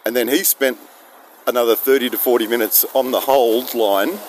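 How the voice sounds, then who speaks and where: Out in a misty drizzle, an Australian man vlogs on his phone, telling a digressive, self-mocking story in a casual ramble. His medium-pitched voice stays fairly even at a moderate pace, with slight hiss or hum.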